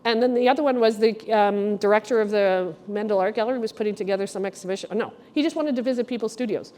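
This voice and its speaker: A middle-aged woman curator giving a chatty, animated walk-through talk to a group in an art gallery. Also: mid-range voice, fast talker. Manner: chatty, animated storyteller, addresses the group directly. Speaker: guest curator. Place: art gallery exhibition room.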